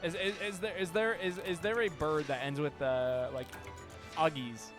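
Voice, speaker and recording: A man's voice: on the high side, fairly even intonation, normal speed, over music. A man streaming a video game, chatting casually and playfully, often stumbling over repeated words. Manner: playful, stammering word repeats. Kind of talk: casual live-stream chat while gaming.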